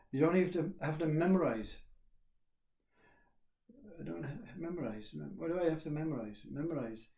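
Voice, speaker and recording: A man giving a slow, reflective spiritual talk, repeating questions and pausing often. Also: fairly high pitch, warm tone, roomy sound. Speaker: spiritual teacher.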